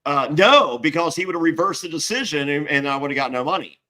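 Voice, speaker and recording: A man with a bright, ringing voice tells a rambling story in casual chat. He curses freely and leaps up in pitch whenever he acts out someone else's words, then drops back to a low, even telling. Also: fast. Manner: animated, swears, acts out other people's lines in high voices. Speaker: guest.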